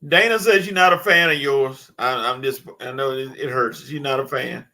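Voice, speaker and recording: A man's voice: medium pitch, normal speed, pushed and bright. A man co-hosting a casual sports talk show in an easygoing way, reading out listener comments. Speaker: co-host.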